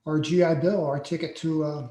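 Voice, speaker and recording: A man in his sixties, a podcast guest telling a personal story slowly and deliberately, with frequent pauses. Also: fairly high pitch, steady tone, warm tone. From United States. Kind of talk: personal account in a podcast interview. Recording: echoey room sound.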